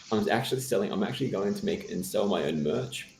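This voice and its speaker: Deep gravelly Australian man. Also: lively intonation, normal speed, fairly bright tone, slight background noise. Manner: joking, chatty, laughs often. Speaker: tournament commentator. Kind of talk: casual live-stream commentary. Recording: echoey room with faint music.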